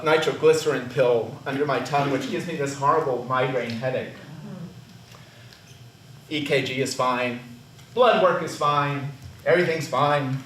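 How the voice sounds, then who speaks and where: A man's voice: fairly high pitch, a bit bright, slight background noise. Wry male storyteller in a roomy hall. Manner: wry, self-mocking humor. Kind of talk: live personal storytelling performance. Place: theater stage. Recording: roomy, distant stage recording.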